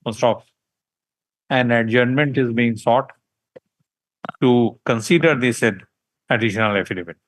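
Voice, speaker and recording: A man with an Indian English accent, a judge running courtroom proceedings and dictating orders in brisk, curt phrases. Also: medium pitch, no room sound, poor audio.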